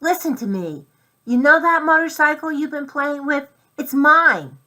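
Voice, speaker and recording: A woman's voice: medium pitch, expressive, measured pace, sharp tone. A woman voicing a small, plucky male mouse who talks eagerly and pleads, in a children's storybook reading. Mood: urgent.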